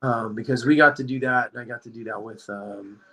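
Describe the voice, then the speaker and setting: A man telling a story on a podcast, in a rambling, animated way, leaning hard on "like.". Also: mid-range voice, a little fast, poor audio. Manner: rambling, animated, heavy use of "like". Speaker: podcast guest. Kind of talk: casual storytelling chat.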